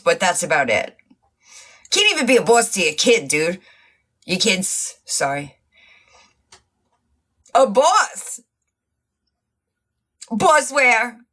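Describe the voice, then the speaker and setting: Bright and forceful in a mid-range voice, this livestream host keeps things casual while mocking everything and swearing. She laughs a lot and is losing her voice.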